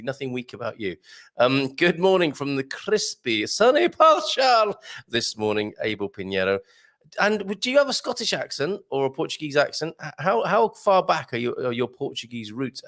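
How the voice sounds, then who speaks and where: On a livestream morning show, a man goes through viewer comments in a chatty, joking way, with frequent laughs and plenty of ums. He has a mid-range, slightly bright voice.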